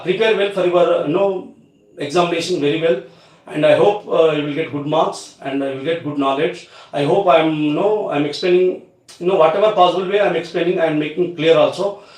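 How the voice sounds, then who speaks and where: A man teaching an online revision class, halting, with many fillers and restarts. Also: on the high side. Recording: very echoey room, far from mic.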